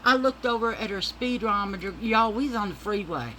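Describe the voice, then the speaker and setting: A middle-aged woman with a bright, sharp voice rambles through a story while she does her makeup. She talks casually and swears freely, in a loose, animated manner. Her pitch sits in an ordinary middle range. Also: a little fast, slight background noise, low-quality recording. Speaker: makeup vlogger.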